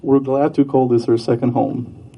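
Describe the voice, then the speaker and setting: A man giving a halting, heartfelt memorial speech at a vigil, with many fillers and restarts. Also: mid-range voice, level tone, vocal fry, breathy edge, muffled recording. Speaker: vigil speaker.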